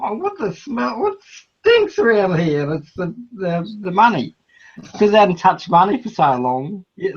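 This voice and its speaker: A man's voice: high voice, breathy edge, highs cut off. A man with an Australian accent doing rambling, laugh-filled casual commentary on a live stream. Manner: rambling, laughs often, restarts.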